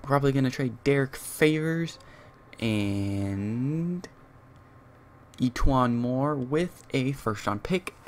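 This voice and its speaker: A man's voice: medium pitch, animated, takes it slowly, a little hiss or hum. A young man giving casual gameplay commentary, thinking aloud with frequent fillers as he talks through his moves. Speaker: gaming youtuber.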